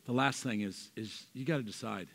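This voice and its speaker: A man preaching as pastor of a church, swinging from loud emphatic lines to soft quiet asides. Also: lowish voice, a little fast, gravelly. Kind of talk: sermon.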